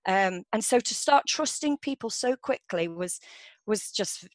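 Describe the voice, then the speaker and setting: A woman chatting as a podcast guest, animated and quick to laugh, her talk full of ums. Her voice is mid-pitched for a woman and sits close and dry in the recording, with no room sound around it. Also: dry recording. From England. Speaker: veterinary nurse guest. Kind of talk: casual interview chat.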